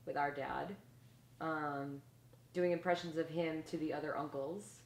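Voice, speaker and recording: A woman's voice: low-pitched, steady tone, a little slow, reverberant, a little hiss or hum. A woman in a casual interview, blunt and profane.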